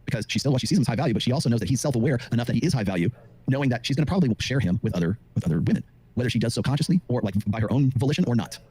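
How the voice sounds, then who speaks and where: Middle-aged man, husky, rapid-fire self-assured podcast monologue. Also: mid-range voice, lively intonation, a little mellow. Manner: rapid, confident lecturing with many fillers. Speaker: dating commentator on a show.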